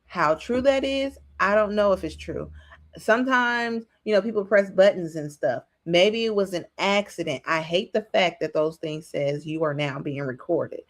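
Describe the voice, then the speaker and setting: A woman's voice: fairly low pitch, moderate pace. A woman hosting a casual reality TV commentary, rambling with frequent ums and restarts.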